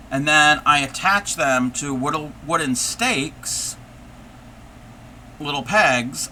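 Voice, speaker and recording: A man's voice: fairly high pitch, sharp tone, slight background noise. A man hosting a casual live stream, thinking aloud and chatting playfully with viewers as he crafts. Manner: thinks aloud and chats with viewers while working.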